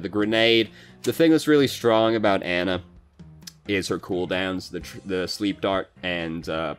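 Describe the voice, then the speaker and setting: Deep-voiced male game coach, relaxed and foul-mouthed, mild background guitar. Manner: swears casually and vents frustration. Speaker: gaming coach reviewing a match. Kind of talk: casual gameplay commentary.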